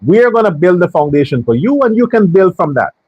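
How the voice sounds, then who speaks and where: A man's voice: sits high, sing-song, quick pace, breathy edge, no room sound, dull audio. A man hosting a political commentary show, talking in a heated, blunt and profane way and firing off repeated rhetorical questions. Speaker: show host.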